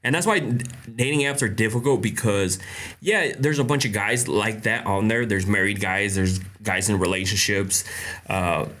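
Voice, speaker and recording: A man's voice: lowish voice, normal speed, fairly bright tone. Blunt, joking man hosting a live Q&A. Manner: blunt, joking, laughs often. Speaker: host. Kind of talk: casual live Q&A.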